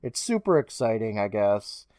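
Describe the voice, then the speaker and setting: A man's voice: on the low side, sing-song, moderate pace, a little mellow, no echo, clean studio sound. A young adult man co-hosting a podcast, recapping a TV episode in a wry, profane, casual way. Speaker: podcast co-host.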